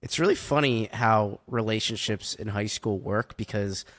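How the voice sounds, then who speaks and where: A man's voice: lowish voice, moderate pace. Wry man in his thirties hosting. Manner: wry, chiding, self-deprecating. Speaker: podcast host. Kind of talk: casual chat.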